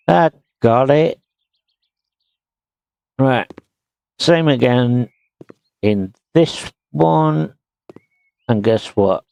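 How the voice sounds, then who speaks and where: Slow, gravelly man muttering through a game. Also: mid-range voice, a little mellow, no room sound. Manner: slow, muttering to himself while working. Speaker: streamer. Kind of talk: casual gameplay commentary.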